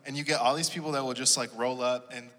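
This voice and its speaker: A man's voice: medium pitch, steady tone, quick pace, fairly bright tone, long reverb tail. A man chatting casually on a church podcast, joking and easygoing.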